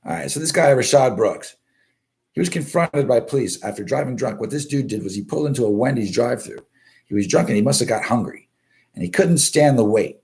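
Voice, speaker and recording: Profane, blunt man ranting on a livestream. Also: on the low side. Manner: profane, swears constantly, animated and blunt. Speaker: live show host. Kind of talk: casual live-stream rant and news commentary.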